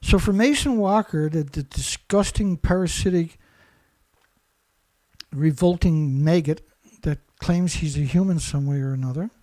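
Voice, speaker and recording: Unhurried and a little mellow, a man with a slightly high voice hosts a show. He delivers an angry monologue loaded with insults, repeating himself as he goes.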